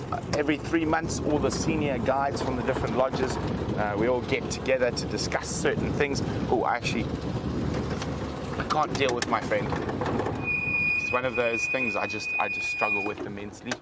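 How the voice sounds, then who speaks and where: A man hosting a live safari drive from an open vehicle, chatting and reading out viewer comments. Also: medium pitch. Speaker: safari guide and live show host. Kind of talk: live safari broadcast chat. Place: open vehicle outdoors in the bush. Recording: loud vehicle and outdoor noise.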